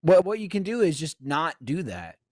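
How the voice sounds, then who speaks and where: A woman's voice: deep voice, big pitch swings, moderate pace, darkish tone, no echo, studio quality. A woman on a podcast making wry, sarcastic remarks. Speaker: podcast co-host. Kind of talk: casual podcast chat.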